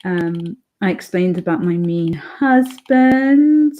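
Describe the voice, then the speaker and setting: A woman's voice: fairly low pitch, lively intonation, takes it slowly, lo-fi sound. A middle-aged woman, casually chatting on her live stream and reading out viewer comments, with lots of fillers. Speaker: author and livestream host.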